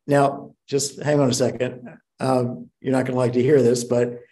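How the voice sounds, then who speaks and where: A man from Philadelphia hosting a podcast interview, pushing back on his guest with measured hedging. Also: mid-range voice, level tone, dark tone. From Philadelphia, USA. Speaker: podcast host.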